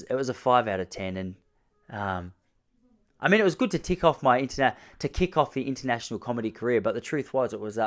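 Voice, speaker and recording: A man from Australia with an Australian accent, telling wry, chatty comic stories as a vlogger. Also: mid-range voice. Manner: chatty, wry, many restarts and quoted voices. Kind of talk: casual comic storytelling.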